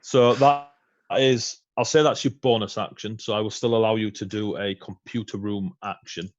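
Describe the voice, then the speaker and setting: A man narrating a tabletop game as game master, relaxed and chatty, with frequent ums and laughs. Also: fairly low pitch, normal speed, lo-fi sound. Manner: relaxed, laughing often, many ums and uhs.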